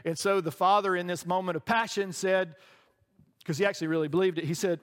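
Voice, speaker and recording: Middle-aged pastor in a reverberant hall. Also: male voice, high voice, fairly even intonation, fast talker, fairly bright tone. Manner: conversational storytelling, often checks in with "right?". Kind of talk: sermon. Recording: long reverb from a large hall.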